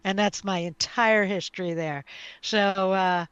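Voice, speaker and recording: A woman's voice: mid-range voice, steady tone, a little slow, a bit bright, smooth, no room sound, dull audio. A woman introducing herself as a player in a tabletop game, friendly and easygoing with lots of fillers. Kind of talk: casual self-introduction.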